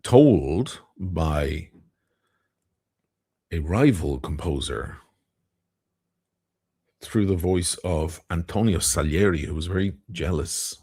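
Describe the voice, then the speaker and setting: A man hosting a casual live stream, talking in a very low, gravelly voice and reading out viewer comments as he chats. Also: slow pace, long pauses, a little mellow. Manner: chatty, reads viewer comments aloud.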